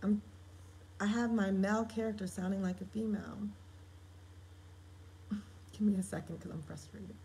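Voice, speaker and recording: A woman's voice: medium pitch, fairly even intonation, moderate pace, long pauses, warm tone, slight background noise, poor audio. A woman writer chatting on a live stream, reading her draft aloud and correcting herself as she talks straight to her viewers. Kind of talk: casual live-stream chat.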